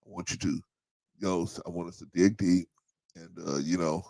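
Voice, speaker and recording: Gravelly laid-back man on a livestream. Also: sits low, steady tone, moderate pace, a little mellow, dry recording. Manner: laid-back, storytelling, repeats himself, reads out chat comments. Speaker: livestream host. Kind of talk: casual live-stream chat.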